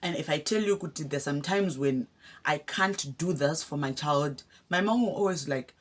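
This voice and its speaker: A young woman from Zimbabwe speaks with a Zimbabwean accent, her voice low and a little husky. She talks to her viewers in a heartfelt, personal way. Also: moderate pace. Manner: heartfelt, addresses viewers as guys. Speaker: vlogger. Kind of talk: casual emotional talk to camera.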